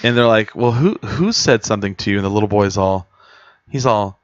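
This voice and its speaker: A low-pitched man hosts a loose comedy chat, telling stories with animated energy. The sound is dry and a bit dull, with little room tone. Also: a little fast, dry recording. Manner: animated storyteller, loud acted screams. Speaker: podcast co-host.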